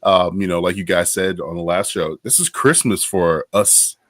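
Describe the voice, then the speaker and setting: A man co-hosting a casual sports podcast, excitable and animated, telling stories with casual slang. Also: low voice, moderate pace, dry recording, studio quality. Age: adult. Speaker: podcast co-host.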